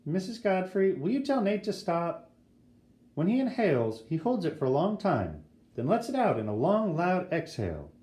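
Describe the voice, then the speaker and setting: A man's voice: high-pitched, big pitch swings, moderate pace, warm tone, pitched above the performer's own voice. A man voicing a prim schoolgirl who whines and tattles to her teacher. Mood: whiny. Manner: whiny, complaining. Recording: roomy echo.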